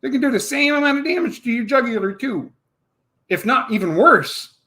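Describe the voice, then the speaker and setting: A man from Puerto Rico with a fairly high voice trades profane, teasing banter in a casual conversation. He laughs easily and pushes his points with rough humor. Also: lively intonation, moderate pace, pushed and bright. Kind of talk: casual chat.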